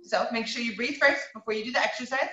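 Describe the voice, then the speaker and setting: Talking fast in a slightly high, pushed and bright voice, a woman guides an online group voice lesson. She encourages everyone and demonstrates as she goes, hooting like an owl and making bird sounds. The call audio is lo-fi, echoey and dull.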